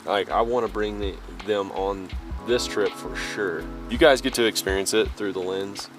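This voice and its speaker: Over music, a lowish male voice moves at normal speed through a relaxed camping vlog recorded at a mountain campsite. This outdoor vlogger comes across as folksy and easygoing, says "y'all," and is slightly short of breath from the altitude.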